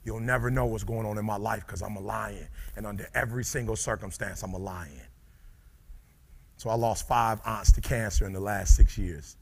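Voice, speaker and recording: A middle-aged man giving a live motivational speech, dropping to low murmurs and rising to shouted peaks, calling out to the crowd. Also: normal speed, vocal fry, husky. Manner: preacher-like call and response with the crowd. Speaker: motivational speaker.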